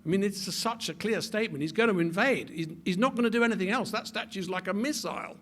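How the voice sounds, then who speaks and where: A man delivers a public talk in a high, fast voice, animated and building to emphatic peaks. He often repeats words as he restarts his sentences.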